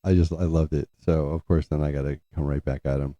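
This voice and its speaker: Very deep, dark-voiced man telling stories. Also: little pitch movement, fairly quick, no echo. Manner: rambling, with frequent restarts and throat clearing. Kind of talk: casual storytelling. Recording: dull lo-fi sound.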